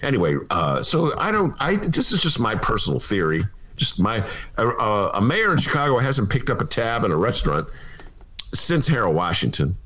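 A man's voice: on the low side, wildly swooping pitch, normal speed, bright, forceful tone. A man hosting a political talk show, giving opinionated commentary with sarcastic, jokey asides.

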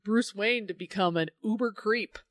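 A woman's voice: mid-range voice, normal speed. A woman co-hosting a casual comic book podcast, talking in a sarcastic, profane way and acting out characters to mock them. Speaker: podcast co-host.

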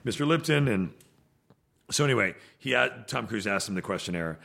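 A man with a gravelly, fry-laden voice talks loosely as a podcast guest. He stops and restarts often, filling the gaps with fillers. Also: lowish voice, animated, fairly bright tone. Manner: halting, many restarts and fillers. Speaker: actor guest. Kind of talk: casual podcast chat.

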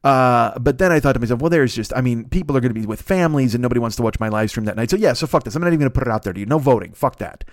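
A man's voice: medium pitch, expressive, very fast, few pauses, no room sound, clean studio sound. A man in his forties hosting a solo podcast, talking in a meandering, profane, self-mocking way from his home desk. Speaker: podcast host. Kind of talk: rambling solo podcast monologue.

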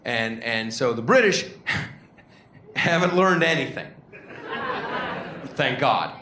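A man who is a comedian and podcast host, telling a rambling, animated comic story and then interviewing a guest. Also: mid-range voice, takes it slowly. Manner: rambling, animated, self-mocking. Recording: echoey room with audience noise. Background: audience laughter.

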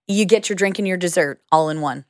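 A woman's voice: lowish voice, a little fast, dry recording, studio quality. A woman co-hosting a casual chat, upbeat and enthusiastic. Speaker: co-host.

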